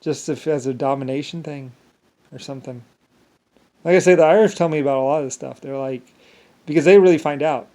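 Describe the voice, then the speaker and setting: A man's voice: fairly high pitch, brisk, long pauses, mellow. A man talking alone in a meandering monologue, full of restarts and filler words. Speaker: solo vlogger. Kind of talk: rambling monologue.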